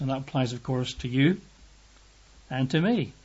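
A man preaches in a relaxed, conversational way, moving between scripture reading and emphatic asides. His voice sits a little high for a man and has a husky edge. The recording sounds dull and lo-fi. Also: fairly quick.

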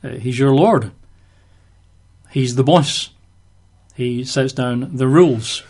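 A man's voice: mid-range voice, slow, a little mellow. A man giving conversational Bible teaching, explaining verses with everyday examples.

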